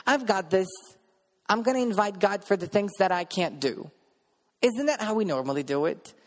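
A man's voice: high-pitched, animated, normal speed. Guy giving a sermon, telling his story all earnest, big hall echo on it. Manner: earnest, recounts events in vivid present tense with restarts. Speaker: preacher sharing a testimony.

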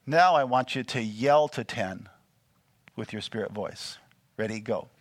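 A man preaching a sermon, animated and full of call-and-response questions to the congregation. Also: mid-range voice, unhurried, no echo, studio quality. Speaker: pastor.

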